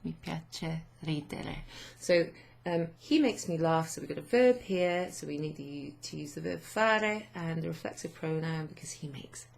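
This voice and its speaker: A woman language teacher with a deep, creaky voice explains grammar to her students without hurrying. She thinks aloud as she goes, using many fillers.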